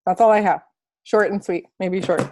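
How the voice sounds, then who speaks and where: A woman's voice: medium pitch, moderate pace, a little mellow, a little hiss or hum. A woman coaching an online group in a casual motivational talk, earnest and encouraging, repeating phrases for emphasis, then chatting loosely with fillers over a video call. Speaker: fitness and life coach.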